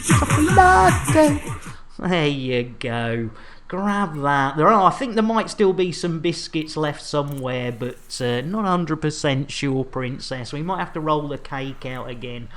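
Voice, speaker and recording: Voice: medium pitch, unhurried, fairly bright tone, soft background music. A game streamer chatting casually on a live stream, with jolly, chatty showman patter and playful catchphrases.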